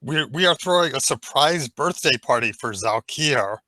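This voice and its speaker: A man's voice: mid-range voice, expressive, normal speed, sharp tone, dry recording. A man voicing a nervous male palace guard who stammers through a cover story. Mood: flustered.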